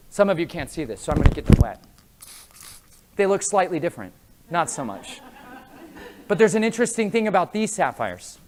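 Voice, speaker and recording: A man preaches to a conference crowd with a lively, swooping pitch, jumping between quiet asides and loud, punchy lines. He tells stories and acts out the people he meets, laughing as he goes. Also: brisk, pauses often, noisy background. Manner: animated, acts out voices of people at his table, laughs often. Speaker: conference speaker. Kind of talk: lively sermon with storytelling. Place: conference hall before an audience.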